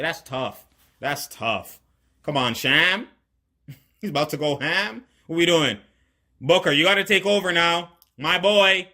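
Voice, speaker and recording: Man, excitable, slangy, laughs a lot, fairly high voice, bright tone, highlight reaction commentary. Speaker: host.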